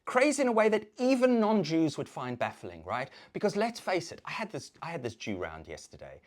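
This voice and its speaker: A YouTuber ranting to camera, swearing a lot and swinging between loud outbursts and low muttering, repeating words over and over. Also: wildly swooping pitch, fairly quick.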